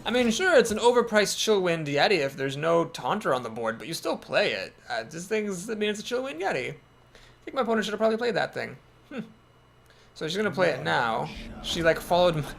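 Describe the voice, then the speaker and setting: A man's voice: on the high side, vocal fry, fairly bright tone. A man giving casual commentary on a card game, thinking aloud in a wry, self-doubting way. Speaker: gameplay commentator.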